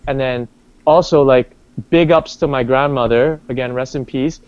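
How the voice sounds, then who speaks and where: A man telling personal stories in casual conversation, animated, with many restarts and acted-out quotes. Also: medium pitch, moderate pace, clear, resonant tone, no room sound. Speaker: guest. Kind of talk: casual storytelling. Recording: dull lo-fi sound.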